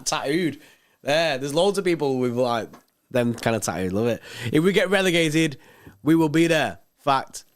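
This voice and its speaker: A man's voice: on the high side, clean tone. A man hosting a fan channel's livestream in casual chat, laid-back and chatty, reading out viewer comments.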